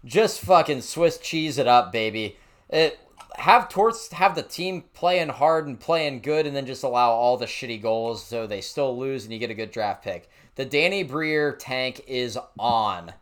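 A man's voice: mid-range voice, expressive, measured pace. Joking, foul-mouthed man on a podcast. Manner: blunt, swears casually, joking. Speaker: podcast co-host. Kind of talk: casual sports chat.

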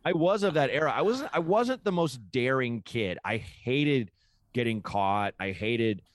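A man's voice: medium pitch, expressive, unhurried, no room sound, clean studio sound. A young man chatting casually as a podcast guest, rambling with lots of filler words and acting out quoted people. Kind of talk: casual chat.

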